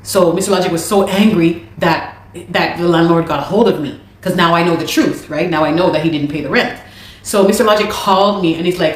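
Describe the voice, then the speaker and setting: A woman telling a personal story of a dispute in an animated, indignant way, often repeating words. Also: on the low side, fairly quick, echoey room. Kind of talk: casual spoken account.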